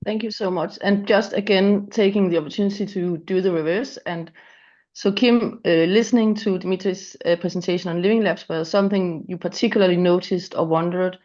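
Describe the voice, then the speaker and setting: Lowish woman with a sick voice, asking polite questions, dull muffled audio. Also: steady tone, brisk, a little mellow. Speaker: workshop participant asking questions.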